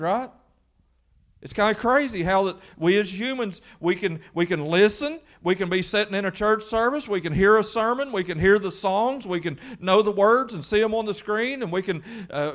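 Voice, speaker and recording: A man preaching a sermon as pastor, emphatic and full of rhetorical questions. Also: high-pitched.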